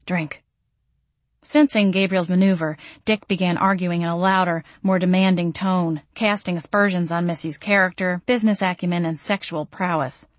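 A woman's voice: on the low side, fairly even intonation, a little fast, hardly any pauses, no echo. A woman narrating a first-person audiobook in a wry, self-mocking way.

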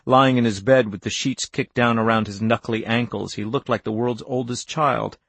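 Gravelly-voiced man narrating an audiobook. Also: medium pitch, fairly even intonation, normal speed, fairly bright tone, no room sound.

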